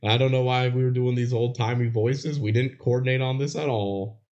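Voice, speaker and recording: A man's voice: mid-range voice, fairly even intonation, moderate pace, a little mellow. A young man co-hosting a podcast, trading dry jokes in casual chat. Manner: dry, joking banter. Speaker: podcast co-host. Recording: dull lo-fi podcast audio.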